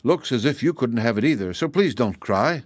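A man voicing a kindly, easygoing ragged male wanderer who talks calmly and sympathetically. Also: medium pitch, moderate pace, no echo, studio quality, natural voice. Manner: calm, sympathetic and soothing. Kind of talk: storybook character voice.

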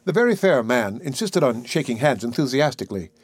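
Expressive male storyteller, dry and close. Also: medium pitch, brisk, breathy edge, dry recording. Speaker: narrator. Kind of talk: scripted narration.

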